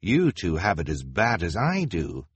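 A man plays a mopey, self-pitying young man in a storybook, drawn out and low. The delivery is husky and recorded dry, close to the mic. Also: wildly swooping pitch, measured pace, no room sound, exaggerated voice. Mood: gloomy.

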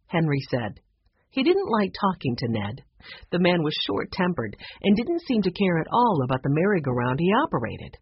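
A woman narrating a children's storybook in an expressive, varied delivery. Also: deep voice, normal speed, husky. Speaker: audiobook narrator. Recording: dull, muffled recording.

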